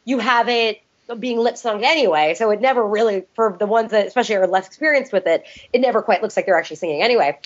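A woman's voice: mid-range voice, quick pace. A woman co-hosting a casual chat, rambling and hedging with lots of "I don't know"s. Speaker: podcast co-host. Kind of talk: casual chat reviewing TV episodes. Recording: dull lo-fi podcast recording.

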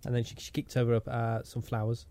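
A man's voice: medium pitch, monotone, fairly quick, warm tone, dry recording. A man co-hosting a podcast, trading silly jokes in playful banter. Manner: playful, silly, slips into put-on voices. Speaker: podcast co-host. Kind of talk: joking banter.

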